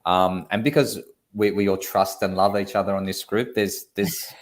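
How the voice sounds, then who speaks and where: An Australian man co-hosting a relaxed online chat, spinning a lively anecdote. He speaks in a fairly low voice, with a loose, animated delivery and a casual swear or two thrown in. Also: normal speed. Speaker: co-host.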